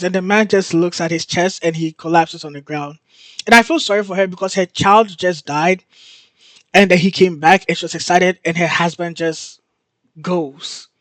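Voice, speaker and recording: A man hosting his show, casually recapping a TV episode in an excited, storytelling way. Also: high-pitched, no echo. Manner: excited storytelling, laughs and gasps in disbelief. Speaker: host.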